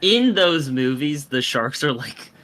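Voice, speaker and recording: A man's voice: medium pitch, big pitch swings, slow, pushed and bright. A man co-hosting a podcast in casual chat, rambling and trailing off. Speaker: podcast co-host.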